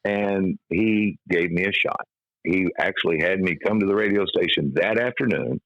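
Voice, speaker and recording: Middle-aged guy from kentucky, deep gravelly radio voice, kinda dull dry sound. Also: normal speed, fairly bright tone, no echo. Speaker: guest, comic hypnotist and former radio DJ. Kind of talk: casual interview storytelling.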